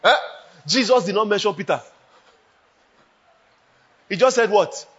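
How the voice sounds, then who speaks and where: A man with a Nigerian accent preaching a sermon as pastor, swinging between hushed lines and shouted ones. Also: high-pitched, expressive, unhurried, breathy edge, muffled recording.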